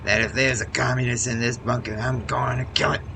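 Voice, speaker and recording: A man's voice: medium pitch, level tone, brisk, gravelly, background noise, voice pushed up, lightly acted. A man putting on the voice of a paranoid male killer robot that hates communists, blustering accusations while reading a game log.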